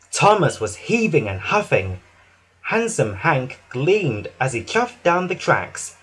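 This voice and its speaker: A man narrating a children's storybook in an expressive read-aloud way, with some restarts. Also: fairly high pitch, husky.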